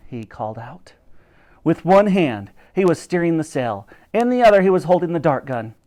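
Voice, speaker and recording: Man reading a kids' book aloud, lively pitch, fairly high voice, dramatic. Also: normal speed. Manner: animated, dramatic. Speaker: storyteller.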